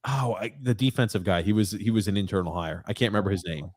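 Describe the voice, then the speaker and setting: A man hosting a casual sports podcast, chatty and easygoing as he reads out listener comments. His voice sits on the low side, and the sound is dry and close with no room around it. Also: fast talker, dry recording. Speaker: podcast host.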